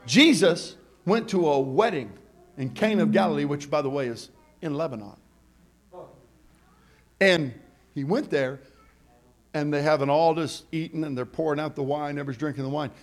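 Preaching pastor, fairly high male voice. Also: normal speed, long pauses. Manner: preaching with call-and-response, building to shouts; humorous, conversational asides. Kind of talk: sermon. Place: church sanctuary.

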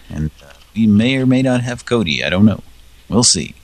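A man's voice: low-pitched, normal speed. A man co-hosting a casual comedy show, rambling and giggling through his jokes. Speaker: podcast co-host.

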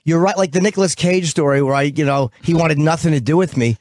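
A man's voice: a little high, fast, darkish tone, dry recording. A man hosting a radio show, talking bluntly and profanely, telling stories with animation. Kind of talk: casual radio banter. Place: radio studio.

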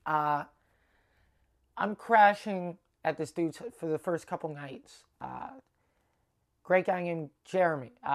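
Profane rambling male comedian. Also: fairly high pitch. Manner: profane, rambling, many restarts. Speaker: stand-up comedian. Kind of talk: casual rambling monologue.

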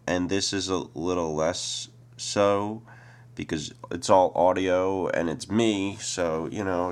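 A man casually wrapping up a recording of his own comedy sets, offhand and relaxed, with many fillers. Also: sits low. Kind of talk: casual spoken outro.

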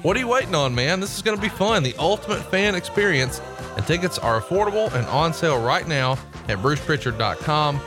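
A man's voice: a little high, animated, fairly quick, over music. A man co-hosting a podcast, upbeat and promotional, often tacking "man" onto his sentences. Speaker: podcast co-host. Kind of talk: casual podcast chat with ad reads.

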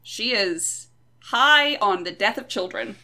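A woman's voice: mid-range voice, expressive, slow, bright, forceful tone. A woman co-hosting a podcast, recapping a book chapter in casual chat with wry, joking asides. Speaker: podcast co-host.

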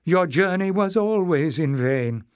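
A man reading an audiobook, voicing an elderly goblin woman who speaks slowly and indignantly. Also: high voice, clear, resonant tone, pitched above the performer's own voice. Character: old woman goblin elder, proud and fierce.

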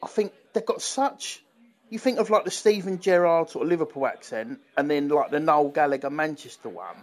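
A man's voice: fairly high pitch, expressive, moderate pace. A man co-hosting a podcast in casual chat, rambling with many restarts and fillers. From England. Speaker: podcast co-host. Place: London.

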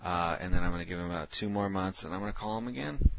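Deadpan low-voiced male prank caller. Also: rapid-fire, gravelly, a little hiss or hum. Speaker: prank caller and radio host. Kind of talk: casual radio banter.

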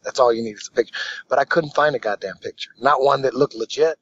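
A man's voice: mid-range voice, fast talker, fairly bright tone, dry recording, lo-fi sound. A man, a martial arts instructor, telling a long story as a guest on a casual podcast, rambling and profane with lots of restarts.

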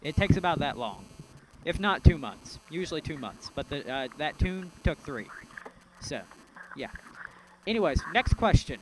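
A man's voice: on the high side, normal speed. Rambling man over a mains hum. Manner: rambling, hesitant, many fillers. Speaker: podcast host. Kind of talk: casual podcast chat. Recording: steady mains hum behind the voice.

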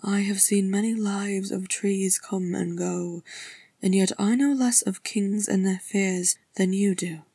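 A woman voicing a calm, gentle elf lady with soft, measured speech in a storybook reading. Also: mid-range voice, slightly rough, dry recording, pitched above the performer's own voice.

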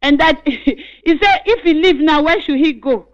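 A woman with a very high voice passes on a question during a sermon, speaking hesitantly and repeating her words. Her voice comes through muffled and lo-fi, picked up from away from the mic. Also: normal speed. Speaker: congregant relaying a question.

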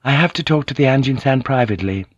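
A man reading a composed, proud young noblewoman who speaks gently and politely. The delivery is quietly confident. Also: mid-range voice, lively intonation, fast, husky, no echo, lo-fi sound, pitched above the performer's own voice.

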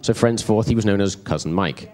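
A man's voice: fairly low pitch, quick pace, a little mellow. A man teaching a church group in a casual, rambling way, often checking in with his listeners. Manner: chatty, rambling, checks in with the room. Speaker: preacher.

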